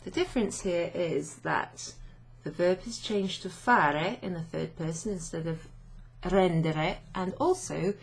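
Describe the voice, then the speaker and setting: Woman language tutor with a gravelly, low-pitched voice. Slow, thinking-aloud delivery. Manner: unhurried, thinking aloud with many fillers. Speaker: language teacher. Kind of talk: explaining grammar to students.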